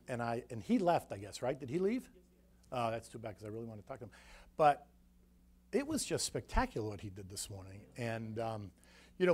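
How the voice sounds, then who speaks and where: A man from the United States, a floor broker speaking as guest, telling a story in a rambling, animated way that repeats his words. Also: a little high. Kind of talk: casual emotional storytelling talk.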